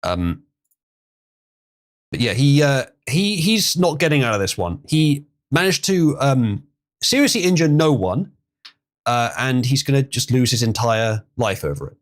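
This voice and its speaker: A man's voice: medium pitch, big pitch swings, unhurried. A man hosting a livestream, chatting casually, reading chat messages and laughing often. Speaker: livestream host.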